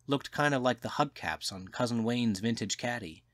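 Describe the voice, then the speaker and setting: A man's voice: medium pitch, moderate pace, fairly bright tone, dry recording, natural voice. A man voicing a worldly, cynical male journalist who lectures in a knowing, slightly raised voice, in an audiobook reading. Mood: amused storytelling. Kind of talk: audiobook character voice.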